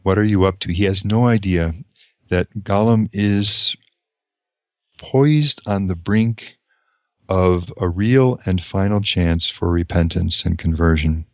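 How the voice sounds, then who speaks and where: A man lecturing, reading from a novel and commenting on it in a measured, reflective way, sometimes restarting a sentence. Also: low voice, no room sound.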